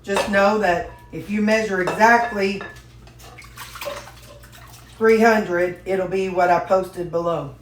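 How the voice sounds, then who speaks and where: A woman speaks slowly in a mid-range voice with fairly even intonation, leaving long pauses as she chats folksily to viewers while cooking in her home kitchen. It's a casual cooking vlog. The audio carries a little hiss or hum, plus echo and dish clatter from the kitchen.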